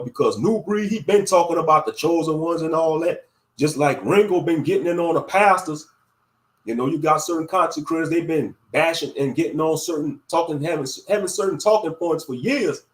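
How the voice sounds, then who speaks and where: A YouTube commentator with a slightly high voice rants at a brisk clip. He's blunt and heated, with catchphrases he repeats.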